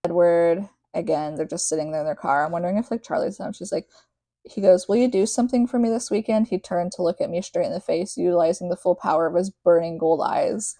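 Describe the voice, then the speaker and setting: A young woman talks through a book chapter in a loose, rambling podcast style, full of filler words and tangents. Her voice is mellow and soft-edged, and the recording is dry and close with little room sound. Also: lowish voice, steady tone, a little fast, no room sound. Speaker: podcast host. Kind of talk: casual book recap podcast.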